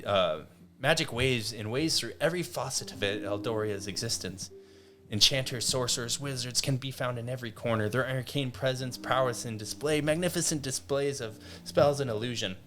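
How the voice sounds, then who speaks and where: A man's voice: medium pitch, a bit bright, voice pushed up, close to an everyday voice. A man voicing a pompous male Dragonborn town official who gives a grand welcome speech as if reading from a script.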